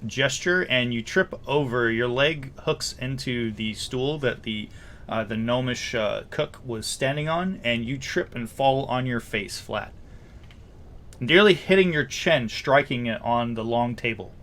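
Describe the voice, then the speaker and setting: A man narrating a tabletop game as game master, describing scenes with many pauses and fillers. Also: mid-range voice, a bit bright.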